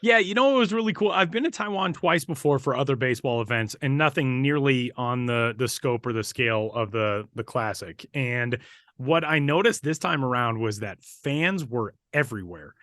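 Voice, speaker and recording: A man tells a story on a podcast in a casual, lively way. His voice is bright and forceful. The sound is dry and close, with no room around it. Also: medium pitch, normal speed, no room sound. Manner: animated, building excitement while recounting. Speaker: podcast co-host and broadcaster.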